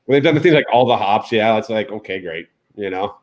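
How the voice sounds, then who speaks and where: Brief: man, lowish voice, hesitant, filler-heavy, casual chat over a video call. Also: lively intonation, fast.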